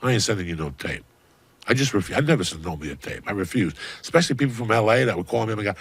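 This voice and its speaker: Gravelly, profane comedian ranting. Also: male voice, lowish voice, expressive, racing, no room sound. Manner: loud, swearing, punchy bursts with sudden shouts. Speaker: comedian guest on a podcast. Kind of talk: profane comic rant and storytelling.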